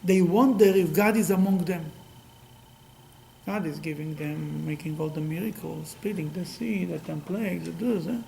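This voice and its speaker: Rabbi teaching a Talmud class, man, animated, acts out quotes, restarts often, faint noise behind. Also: on the high side, moderate pace, creaky, poor audio.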